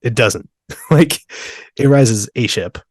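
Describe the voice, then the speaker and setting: A man's voice: medium pitch, expressive, slow, no room sound, studio quality. A man co-hosting a casual book discussion podcast, easygoing, laughing often and backing up his co-host.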